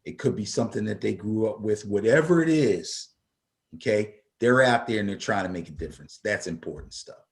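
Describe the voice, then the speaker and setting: A man's voice: lowish voice, animated, a little fast. A man co-hosting a casual football talk show, emphatic and prone to repeating himself. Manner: emphatic, repeats words when fired up. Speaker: sports talk show co-host. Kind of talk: casual sports radio chat.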